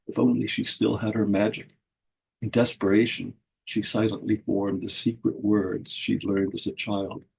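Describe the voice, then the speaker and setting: A man reads a fairy tale aloud in a low, gravelly voice. His tone is deeply husky, and he shifts expressively into the characters' voices. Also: darkish tone, poor audio. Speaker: reader at a book launch. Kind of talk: storybook reading.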